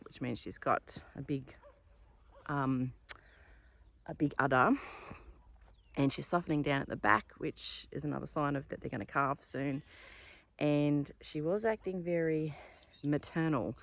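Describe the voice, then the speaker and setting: A woman talks to camera as she walks through a paddock on her farm. Her speech is casual and rambling, full of small asides as she thinks aloud. It sounds like an unscripted outdoor vlog. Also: sits low. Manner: chatty and rambling, thinking aloud while walking. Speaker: flower farmer.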